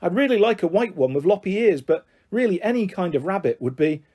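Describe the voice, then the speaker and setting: A man voicing a timid young girl who speaks softly and hesitantly. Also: high voice, expressive, fairly quick, voice pushed up. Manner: soft, hesitant, pleading.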